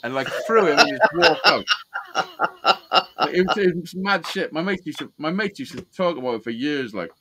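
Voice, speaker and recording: A man's voice: a little high, normal speed, a little hiss or hum, rough recording. Swearing man telling stories. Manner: animated storyteller, swears constantly, laughs at his own stories. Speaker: host of a live call-in stream. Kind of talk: casual storytelling chat, heavy swearing.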